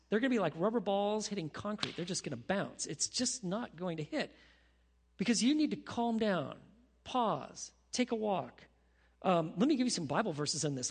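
A man preaching a sermon as pastor, animated, dropping to a hushed voice when he prays. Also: high voice, breathy edge, long reverb tail. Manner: animated, drops to a hushed voice for prayers.

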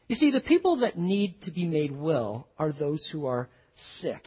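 Male pastor with a husky voice, high and lively, preaching conversationally in an echoey, dull-sounding church. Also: normal speed. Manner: animated, conversational preaching with asides. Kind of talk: sermon.

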